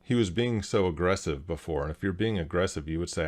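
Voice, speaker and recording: A man hosting a video, calmly analyzing a clip and explaining each point step by step. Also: deep voice, fast talker. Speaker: host, body language analyst.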